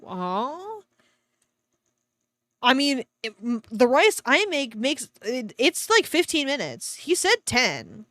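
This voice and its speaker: A woman's voice: sits high, big pitch swings, takes it slowly, fairly bright tone, no room sound, studio quality. A woman streamer reading a fan story aloud with sarcastic commentary, swearing freely and laughing often, at a home desk mic.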